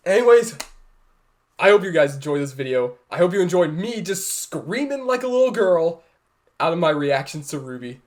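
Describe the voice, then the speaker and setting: Excitable, squealing male fan host. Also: on the high side, normal speed. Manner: gushing, squealing and shouting with excitement. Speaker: reaction video host. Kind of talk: excited fan reaction commentary.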